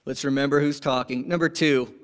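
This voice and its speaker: A man preaching a sermon to his congregation, animated and conversational, asking rhetorical questions and swinging from emphatic peaks to quiet lows. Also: brisk, clear, resonant tone. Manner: animated, rising to emphatic peaks then dropping low. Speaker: pastor.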